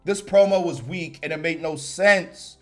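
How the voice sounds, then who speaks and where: A man's voice: a little high, a little slow, a bit bright, faint music behind. Heated, profane young man ranting. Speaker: wrestling show reviewer. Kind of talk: ranting show review.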